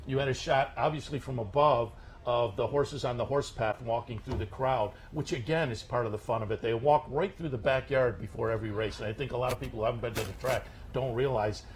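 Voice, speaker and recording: A relaxed man hosts a casual radio chat at a middle pitch. He talks loosely and often stops and restarts his sentences. A faint hum sits behind him. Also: a little fast. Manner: relaxed, frequent fillers and restarts. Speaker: host.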